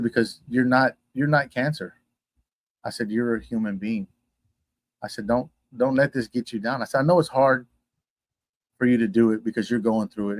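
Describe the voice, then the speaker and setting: A man's voice: medium pitch, darkish tone, dry recording. Texas guy telling a story on a podcast, acts out the quotes, dry close sound. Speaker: guest. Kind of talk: casual storytelling.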